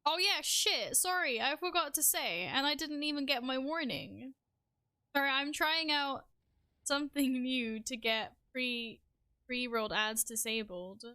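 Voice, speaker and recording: A young adult woman streaming a game live, reacting excitably, swearing and making fun of herself. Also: high-pitched, unhurried, no room sound, studio quality. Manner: excitable, swears, self-deprecating outbursts. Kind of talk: live gameplay commentary.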